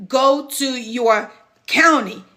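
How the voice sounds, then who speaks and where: A woman's voice: high voice, extremely slow, pushed and bright. A middle-aged woman mentoring on a live stream, chatty and encouraging, stopping to thank viewers as she walks through steps. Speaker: home care business mentor. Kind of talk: live-stream advice chat.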